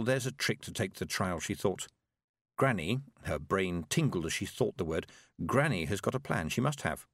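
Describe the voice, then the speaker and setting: Male audiobook narrator, animated storybook delivery, dry booth sound. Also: fairly low pitch, dry recording. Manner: expressive storybook reading. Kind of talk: scripted narration.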